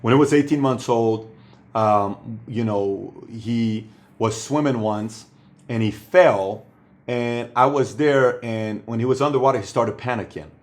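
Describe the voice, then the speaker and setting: Man, motivational business talk, emphatic, repetitive, softer in stories. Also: mid-range voice, a little slow. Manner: emphatic, repeats phrases for stress. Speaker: host giving business advice.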